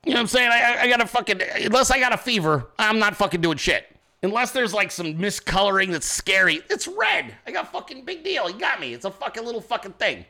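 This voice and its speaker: Man, brash swaggering host, casual profane talk, high-pitched, lively. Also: quick pace. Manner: brash, swaggering, heavy swearing. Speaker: political commentary host.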